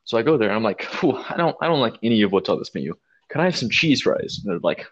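Profane, animated man telling a story. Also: on the low side, fast, slightly rough, highs cut off. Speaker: podcast co-host. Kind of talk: casual storytelling chat.

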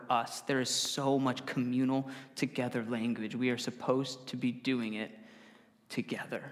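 A man's voice: mid-range voice, a bit bright. Male pastor, casual sermon, mid-range voice, big echoing sanctuary, chatty asides. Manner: conversational with self-corrections and acted-out quotes. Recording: long hall reverb.

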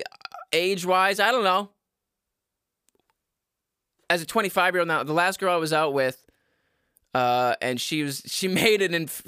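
A man's voice: fairly high pitch, sharp tone, clear, resonant tone, dry recording, studio quality. A man in his twenties rambling crudely at home to his viewers, often laughing at his own jokes and stumbling over his words. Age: 20s. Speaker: vlogger giving dating advice. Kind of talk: casual rambling monologue to camera.

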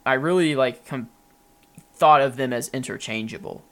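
In a slightly bright voice of medium pitch, a young man co-hosts a podcast at normal speed. The chat is casual and rambling, with frequent fillers and restarts.

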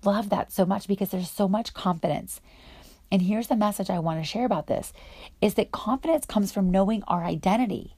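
A woman's voice: medium pitch, a little fast, mellow, no echo. A woman giving a casual, enthusiastic Bible teaching to other women, full of chatty fillers.

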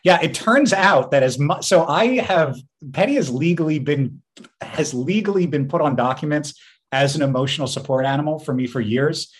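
A podcast co-host with a slightly high voice chats casually at a normal speed. He tells stories animatedly and laughs often.

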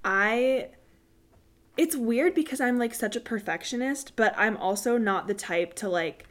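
A woman's voice: a little high, unhurried, fairly bright tone. A young woman chatting casually with her sister. She talks in loose, rambling runs full of "like" fillers and laughs through her stories. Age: young adult. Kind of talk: casual chat.

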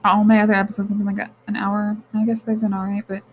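A woman's voice: medium pitch, monotone, quick pace, a little hiss or hum, poor audio. A woman hosting her own podcast, talking candidly and rambling, swearing freely and addressing listeners as guys, close to tears. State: near tears. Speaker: podcast host. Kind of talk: personal podcast monologue.

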